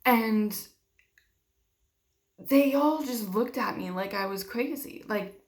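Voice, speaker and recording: A woman's voice: fairly high pitch, slow pace. A young woman telling a personal story in a vlog, emotional and acting out what others said to her. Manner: emotional, acts out quoted dialogue, many fillers. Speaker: vlogger. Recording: roomy echo.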